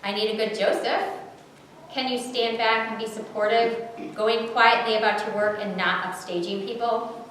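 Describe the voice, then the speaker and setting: A woman's voice: on the high side, fairly even intonation, moderate pace, slight background noise, close to an everyday voice. A woman voicing an unseen divine voice that casts a play, coaxing and enthusiastic, in a dramatic storytelling performance in a church. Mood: earnest. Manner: warm, coaxing, enthusiastic questioning. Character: unseen divine voice, gentle eager casting director. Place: church sanctuary. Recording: very echoey hall, distant mic.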